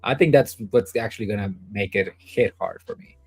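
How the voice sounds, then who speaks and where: A man's voice: fairly low pitch, a little fast, creaky, darkish tone, slightly rough, soft background music. A man co-hosting a podcast, talking in a hesitant, laid-back way full of fillers as he reviews an episode. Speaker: podcast co-host. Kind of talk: casual TV recap chat.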